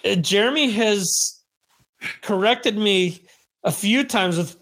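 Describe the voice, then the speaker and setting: A middle-aged man from the United States talks casually on a live-streamed podcast. His voice sits high for a man. He rambles, jokes and pokes fun at himself. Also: slow, a bit bright. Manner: rambling, self-deprecating, jokey. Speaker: podcast host.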